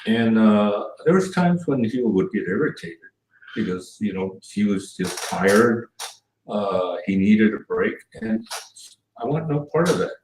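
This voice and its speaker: Male guest, former cameraman, low and hesitant, echoey room with faint noise. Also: very animated, vocal fry. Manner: soft-spoken, hesitant, many pauses and fillers. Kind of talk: casual interview chat. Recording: echoey room, a bit far from the mic, faint background noise.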